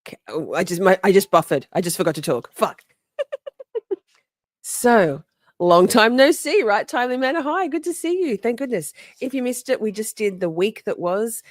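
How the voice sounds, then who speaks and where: A woman's voice: mid-range voice, lively intonation, normal speed, no echo, studio quality. A woman hosting a casual livestream from home, greeting viewers by name, chatty and a bit profane. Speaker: livestream host. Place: home, with dogs nearby.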